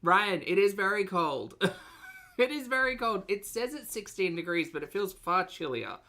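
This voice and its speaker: A man's voice: high-pitched, expressive, moderate pace, bright, forceful tone. A man hosting a casual live stream, chatty and upbeat, greeting viewers by name and laughing often. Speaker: livestream reaction host. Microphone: headphones on, streaming setup.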